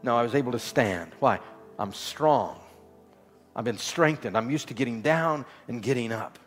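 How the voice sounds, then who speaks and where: A man preaching a sermon with rhythmic repetition, swinging from loud exhortation to soft, low lines. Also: expressive, moderate pace. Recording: long hall reverb with faint music.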